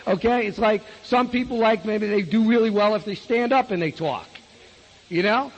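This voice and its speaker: Blunt high-voiced man in echoey hall. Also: moderate pace, dull audio. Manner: blunt, folksy, asks the audience rhetorical questions. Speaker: business opportunity trainer. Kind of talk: live sales training talk. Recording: echoey hall with long reverb.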